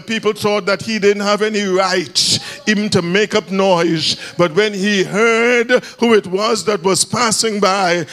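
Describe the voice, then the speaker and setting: Male bishop, very high and bright. Slow, fervent preaching with shouted refrains and frequent hallelujahs. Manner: fervent, shouts key phrases, repeats lines for emphasis; punctuates with "hallelujah". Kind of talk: sermon. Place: church.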